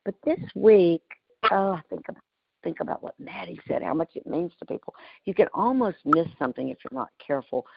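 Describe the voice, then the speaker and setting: A middle-aged woman with a drawl tells a heartfelt story in a folksy, emotional way. Her voice is gravelly and a little husky. It comes through dry, dull, lo-fi video call audio. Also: lowish voice, lively intonation, brisk, no echo. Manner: folksy, emotional, often laughing. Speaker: community call host.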